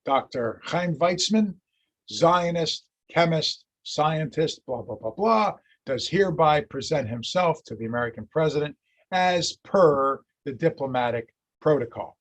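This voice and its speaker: A dry, formal elder statesman speaks with measured protocol and a sly teasing edge, as a lecturer reads him out. The voice sits a bit above average in pitch and is slightly husky. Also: expressive.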